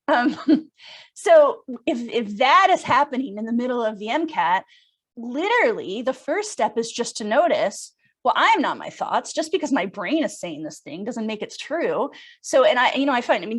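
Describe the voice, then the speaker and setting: Chatty, laughing woman yoga teacher. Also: a little high. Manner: chatty, upbeat, laughs often, acts out anxious inner voice. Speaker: yoga instructor. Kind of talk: live online workshop talk. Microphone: video call.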